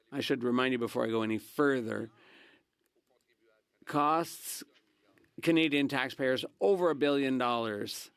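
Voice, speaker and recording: Casting: gravelly-voiced male legislator, blunt matter-of-fact delivery, dry close mic. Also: mid-range voice, no room sound. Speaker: member of parliament. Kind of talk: parliamentary speech. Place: legislative chamber.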